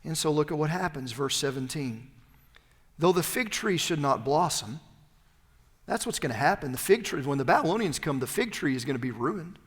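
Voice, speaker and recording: Pastor guy w a high voice preaching, gets loud then drops real quiet, long church reverb. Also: lively intonation, moderate pace, breathy edge. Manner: dramatic swings between loud emphasis and hushed low phrases. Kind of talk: sermon.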